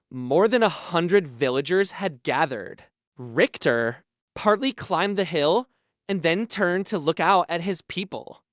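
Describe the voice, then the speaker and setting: Slow, expressive male audiobook narrator. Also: high voice, dry recording, clean studio sound. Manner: measured, expressive reading.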